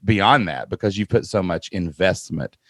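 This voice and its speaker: A man's voice: low voice, moderate pace, no room sound, clean studio sound. A man hosting a podcast, telling stories in casual chat and acting out quotes. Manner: animated storyteller, acts out quotes. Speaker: podcast host.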